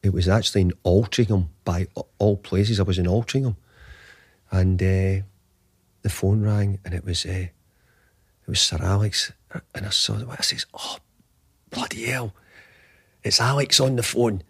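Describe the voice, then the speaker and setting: A man in his fifties with a very low voice, recalling his career as a football manager in a halting, repetitive way. The recording is dry and close, with almost no room sound. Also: steady tone, husky, no room sound. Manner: halting, often repeats words and restarts. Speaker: football manager, interview guest. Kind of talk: conversational storytelling.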